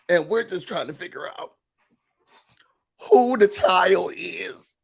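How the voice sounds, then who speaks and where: Man, deadpan comic host, slow and slightly high. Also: creaky, slightly rough. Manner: deadpan, faux-serious, with mock-emotional breaks. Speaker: host of a mock office meeting. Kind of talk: comedic mock corporate briefing.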